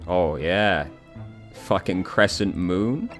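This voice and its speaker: A low-voiced man casually riffing over a story game, wry and quick to swear. His commentary is laid back and joking. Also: soft background music. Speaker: let's play host. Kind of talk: gaming commentary.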